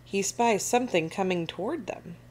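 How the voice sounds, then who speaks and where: A woman reading a children's picture book aloud in an expressive, animated way. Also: medium pitch, moderate pace. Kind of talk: storybook read-aloud.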